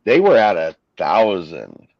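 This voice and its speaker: Guy hosting a live stream, really low voice but lots of swing in it, dry and kinda muffled. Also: big pitch swings, slow, no echo. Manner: agreeable, wraps up with sign-off. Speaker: host. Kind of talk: casual live-stream chat.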